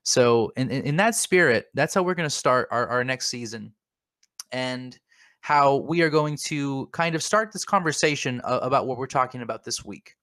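A man's voice: mid-range voice, moderate pace, fairly bright tone, no room sound, studio quality. A man co-hosting a comedic podcast, rambling in a mock-earnest way and repeating his words. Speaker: podcast co-host.

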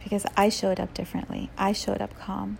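A woman speaking gently and unhurriedly in a spiritual talk, her voice carrying a gravelly, fry-tinged texture. She laughs often and sometimes sinks into a whisper, with faint noise behind her. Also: mid-range voice, flat delivery, a little fast. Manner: drops to a whisper at times. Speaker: spiritual teacher.

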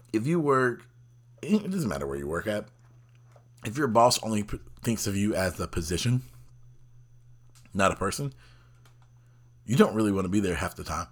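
A man's voice: on the low side, husky. A man hosting a casual motivational talk, rambling conversationally and acting out little quoted exchanges. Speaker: host.

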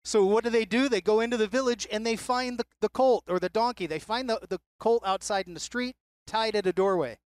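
A Bible teacher walks a class through a passage in an easy, conversational way, speaking a little fast at a middle pitch. Rhetorical questions keep drawing listeners in. The recording is dry, with little room sound and no echo.

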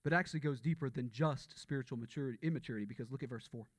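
A man's voice: medium pitch, rapid-fire, no echo. A man preaching a sermon in a conversational way, often repeating words and asking the congregation rhetorical questions. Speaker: pastor.

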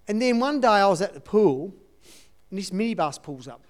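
Man, sermon testimony, earnest and conversational, somewhat high voice, smooth clear tone. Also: very animated, normal speed. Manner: earnest, conversational, repeats key phrases. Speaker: church speaker sharing testimony.

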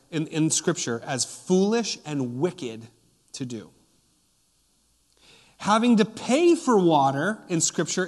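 A man giving a sermon as pastor, earnest and measured, pausing with fillers. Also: a little high. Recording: long hall reverb.

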